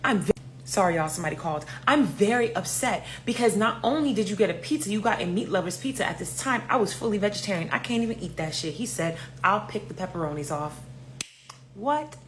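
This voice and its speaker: Young woman, New York accent, casual storytime, animated and blunt, mid-pitched voice, faint hum behind. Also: fast. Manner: animated, swears freely, acts out voices.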